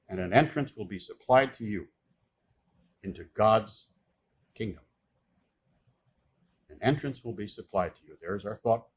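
A pastor preaches a sermon in a husky voice that swings widely in pitch. He reads scripture passages aloud and then explains them, emphatically repeating his points.

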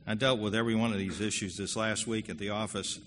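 A man with a bright, forceful voice preaching in a church hall. He moves between plain conversational talk and louder, emphatic reading of scripture. The sound carries a long reverb with a faint hum of the room behind it. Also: lowish voice, fairly even intonation, quick pace. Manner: earnest preaching, rising loud when quoting scripture. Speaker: pastor. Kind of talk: sermon.

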